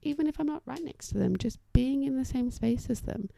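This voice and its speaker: Explaining parenting strategies on her solo podcast, a young adult occupational therapist is chatty and reassuring and frequently slips into a soft whisper. Her voice sits high, with a gravelly texture and a brisk pace.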